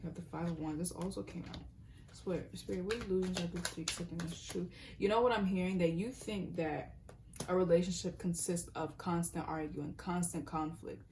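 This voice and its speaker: A woman's voice: on the low side, fairly even intonation, a little fast, background noise. A young woman giving a casual tarot reading, talking in a rambling, earnest way and often breaking off mid-thought. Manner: rambling, earnest, self-interrupting, sometimes laughing or dropping to a whisper. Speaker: tarot reader.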